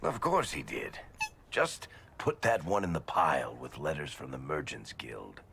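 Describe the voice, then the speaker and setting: An actor voicing a sardonic, cheeky dwarf storyteller with dry wit. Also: male voice, a bass voice, very animated, a little slow, vocal fry, fairly bright tone, a little hiss or hum, full character voice. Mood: wry.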